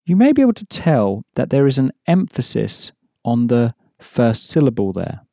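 A man teaching a scripted language lesson, explaining word stress in a measured way and slowing down for examples. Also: medium pitch, very animated, vocal fry, mellow, no room sound, studio quality.

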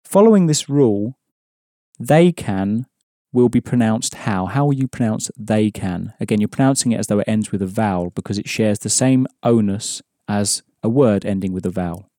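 A man teaching a language lesson in measured, scripted narration, explaining rules and repeating key points. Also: on the low side, expressive, dark tone, dry recording, studio quality.

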